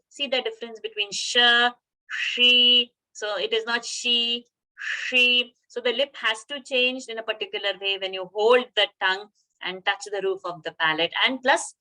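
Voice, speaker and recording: A woman teaching a chanting class over a video call, slowly sounding out syllables to show the right pronunciation. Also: medium pitch, bright, forceful tone, low-quality recording. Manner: slow, careful syllable-by-syllable demonstration. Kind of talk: online chanting lesson.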